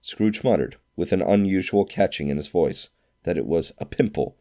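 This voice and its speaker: A very low, dark, gravelly male voice reads a classic novel aloud at normal speed, storytelling with expression. When dialogue comes up, he voices the characters.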